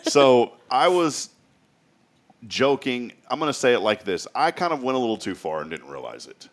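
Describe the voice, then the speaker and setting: A man's voice: medium pitch, sing-song, moderate pace. A man hosting a morning talk show, teasing his guests and laughing often. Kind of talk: joking studio chat.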